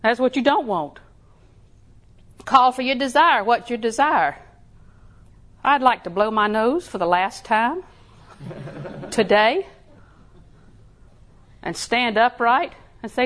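A woman preaching a sermon in a folksy way, laughing often and repeating phrases softly. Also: on the high side, expressive, slow, pauses often.

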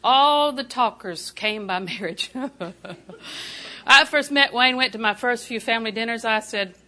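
A woman's voice: a little high, a little slow, pushed and bright. An older woman preaching a sermon, telling folksy, humorous stories and laughing often.

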